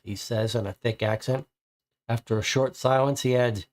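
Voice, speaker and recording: A man's voice: medium pitch, fairly even intonation, normal speed, a little mellow. A man streaming a solo board game, reading card text aloud and working through his options to himself. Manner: deliberating, muttering options to himself.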